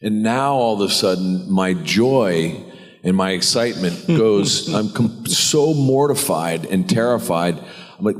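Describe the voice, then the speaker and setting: Deep-voiced man telling rambling anecdotes. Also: animated, measured pace, long reverb tail. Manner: rambling, self-deprecating, laughs often. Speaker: actor on a convention panel. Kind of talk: anecdote storytelling. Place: convention hall panel.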